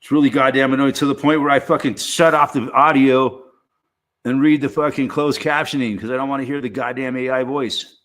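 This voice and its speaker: A man streaming a casual monologue, rambling and swearing freely, with lots of halting restarts and "you know". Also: mid-range voice, steady tone, fairly bright tone.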